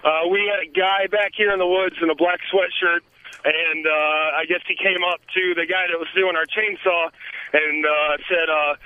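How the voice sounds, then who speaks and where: A man calling in by phone from a haunted attraction outdoors, his voice high and squeezed through a tinny phone line. He rambles with plenty of fillers and laughs between stories. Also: fairly even intonation, normal speed, slight background noise. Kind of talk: casual phone call to a radio show. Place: outdoors at a haunted trail in the woods.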